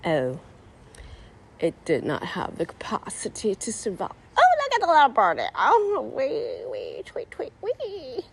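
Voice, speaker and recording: Lady vlogging in her backyard, says like and literally nonstop, sing-songy pitch all over the place, takes her time. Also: wildly swooping pitch, measured pace, husky. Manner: peppers speech with "like" and "literally"; playful, chirps bird sounds. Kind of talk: casual vlog chat. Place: outdoors in a backyard.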